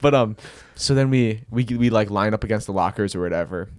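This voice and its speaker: A young man hosting a podcast, telling stories in a casual, animated way. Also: on the low side, brisk, clear, resonant tone, no echo, clean studio sound. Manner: animated storyteller, acts out quotes loudly. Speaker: podcast host. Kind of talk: casual chat.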